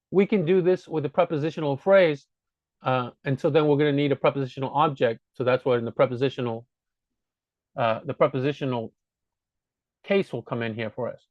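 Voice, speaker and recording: Guy teaching grammar, kinda high voice, patient, says stuff twice, muffled dry recording. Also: dry recording. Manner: patient, repeats points to drive them home. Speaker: language teacher. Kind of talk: casual spoken grammar lesson.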